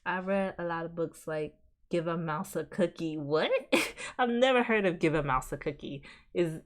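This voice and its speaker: A woman's voice: fairly low pitch, moderate pace. A woman streamer reacting to a video, chatting casually and telling rambling stories.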